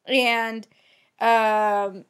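A woman with a slightly higher than usual voice talks casually on a podcast. She retells TV scenes in a chatty way, dropping in quick quoted lines as she goes. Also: fairly even intonation, clean tone. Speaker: podcast co-host. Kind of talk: casual chat recapping a TV episode.

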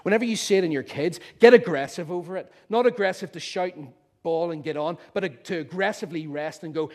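A man's voice: on the high side, fairly quick, hardly any pauses. A man preaching a sermon, emphatic and playful as he explains word meanings to his congregation.

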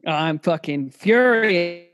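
A man's voice: sits high, expressive, slow pace, long reverb tail, muffled recording. A man co-hosting a comedy podcast, ranting in exaggerated anger over a video call. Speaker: podcast co-host. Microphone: remote video call.

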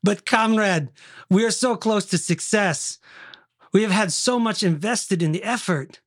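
An imploring Soviet comrade, as a man puts him on in a mock Russian accent. He pleads slowly and loudly, his voice pitched fairly high and pushed above his usual talk. It is a playful skit read aloud on a podcast. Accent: put-on Russian.

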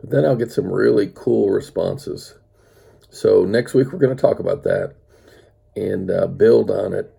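An older man reads a children's story aloud to his grandchild, then chats unhurriedly, using lots of fillers. His lowish voice is warm and husky, with some vocal fry.

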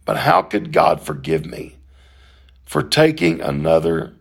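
A man voicing a frail, remorseful dying old man in a low, quiet and halting voice. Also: big pitch swings, gravelly, exaggerated voice. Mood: remorseful, tearful.

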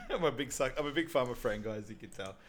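A man's voice: medium pitch, animated, fast, a little hiss or hum. A man co-hosting a casual film recap podcast, laughing often and quoting lines from the film. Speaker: podcast co-host.

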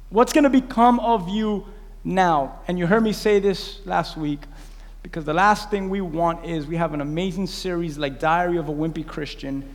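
A man preaching a sermon, pausing to quiz his congregation and have them repeat lines back. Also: high-pitched, long reverb tail. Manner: call-and-response preaching, quizzing the congregation. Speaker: pastor. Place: church sanctuary.

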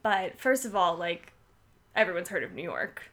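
An American woman co-hosting a casual chat, playful and quick to laugh. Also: on the low side, big pitch swings, fairly bright tone. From United States. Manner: chatty, playful, laughs often. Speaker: podcast co-host.

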